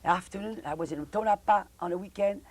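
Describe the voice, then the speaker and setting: An older woman with a French accent, a former film actress chatting flamboyantly in an interview and calling people darling. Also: a little fast. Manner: flamboyant, calls people darling, trails off in soft low asides. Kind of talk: casual interview chat.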